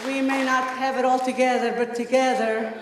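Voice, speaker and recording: Older high-voiced man giving a sentimental toast. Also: level tone, normal speed, crowd noise. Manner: sentimental, reflective. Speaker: parent of the bride giving a toast. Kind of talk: wedding toast. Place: wedding reception hall. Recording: echoey hall with long reverb, background noise.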